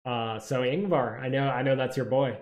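A man's voice: medium pitch, fairly even intonation, moderate pace, roomy sound. A man hosting a casual stream chat, thinking aloud with lots of fillers. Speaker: series creator and stream host.

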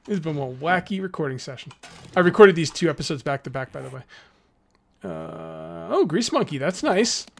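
A man hosts a let's play, offering casual gameplay commentary in a fairly high, gravelly voice at normal speed. He's excitable and jokey, taunting enemies as he plays.

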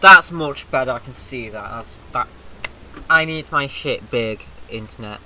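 A British man giving casual, excitable let's-play commentary, swearing freely and shouting rallying cries, with a slightly mucousy throat. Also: mid-range voice, measured pace, a little hiss or hum, low-quality recording. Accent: British English. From Britain. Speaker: gaming video host.

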